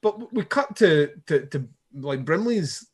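A man's voice: on the high side, animated, measured pace, slight background noise. A man in casual chat recapping a TV show, mocking it, swearing freely and laughing often. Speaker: podcast co-host.

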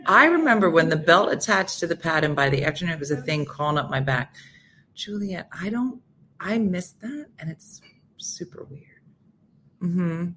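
A woman's voice: lowish voice, big pitch swings, normal speed, a bit bright, a little hiss or hum. A middle-aged woman hosting a morning show, chatting casually with jokes and rambling asides. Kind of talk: casual chat.

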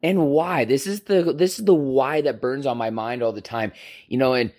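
A man in the middle of a fired-up monologue, blunt and full of swearing. He talks at a medium pitch, firing one rhetorical question after another. His tone is heated and confrontational throughout. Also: normal speed, darkish tone. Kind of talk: profane opinion rant.

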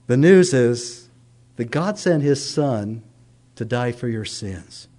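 A middle-aged man preaching a sermon, rising to loud declaiming and dropping to hushed tones. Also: animated, drawn-out words. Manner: dramatic, swings from loud raised declaiming to hushed low tones.

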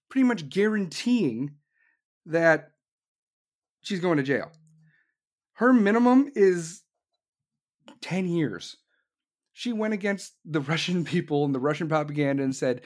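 A commentator delivering an angry, blunt political rant full of swearing. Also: medium pitch.

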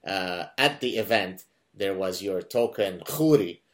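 A middle-aged man from Lebanon hosting a conversational interview, telling animated stories with many fillers and restarts. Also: deep voice, measured pace. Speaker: podcast host.

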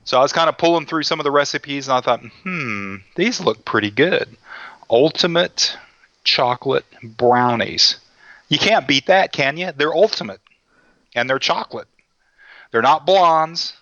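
A man's voice: on the high side, expressive, moderate pace, bright, forceful tone, no echo. A man hosts a cooking show, chatting in a folksy, joking manner. The sound is dry and a little muffled. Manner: folksy, joking, says y'all a lot. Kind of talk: casual chat.

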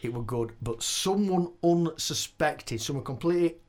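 A man's voice: on the high side, lively intonation, moderate pace. A man hosting a casual interview, rambling with many restarts and laughs. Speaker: podcast host.

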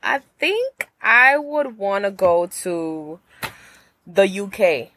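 A woman as a podcast guest in casual chat, easygoing and quick to laugh, with hedging fillers. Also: medium pitch, sing-song, sharp tone, a little hiss or hum, poor audio.

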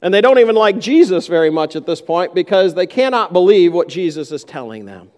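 A man's voice: sits high, big pitch swings, a little fast, darkish tone, in a large hall. A man preaching a sermon, who acts out the disciples' complaints in a raised voice. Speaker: pastor.

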